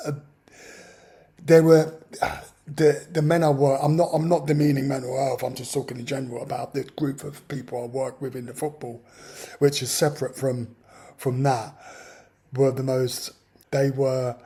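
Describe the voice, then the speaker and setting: Husky mellow guy venting about his experience, exasperated storyteller vibe. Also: medium pitch. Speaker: vlogger. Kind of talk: personal account monologue.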